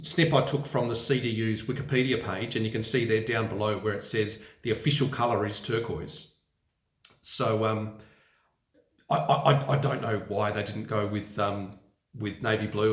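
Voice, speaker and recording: A man with an Australian accent talking casually to his viewers. He muses aloud, corrects himself as he goes and often asks viewers for answers. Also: medium pitch. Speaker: vlogger. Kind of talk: casual unscripted vlog talk. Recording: roomy echoey room.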